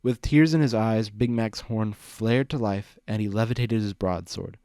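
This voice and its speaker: A man reading a fan fiction story aloud, with steady narration. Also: lowish voice, normal speed, no echo, studio quality. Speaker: reader.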